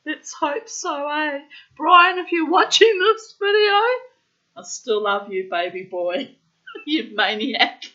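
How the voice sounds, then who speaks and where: Woman, casual storytelling, laughs a lot, swears, bright voice, dull lo-fi audio. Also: high-pitched, takes it slowly. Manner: laughing often, swearing, animated quoting.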